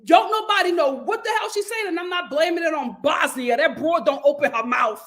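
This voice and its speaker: A woman hosting a casual reality TV recap vlog, sassy and loudly exasperated. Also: sits high, brisk. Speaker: vlog host.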